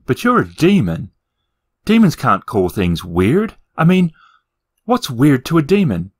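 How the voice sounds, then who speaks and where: A man voicing a polite, curious and inquisitive tourist who asks questions and calls out into the dark. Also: medium pitch, huge pitch swings, measured pace, dry recording. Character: curious, polite, wide-eyed adult male tourist.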